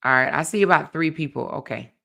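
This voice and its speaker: Woman host, livestream chat, bright tone, chatty, laughs with viewers. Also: low voice, quick pace, gravelly.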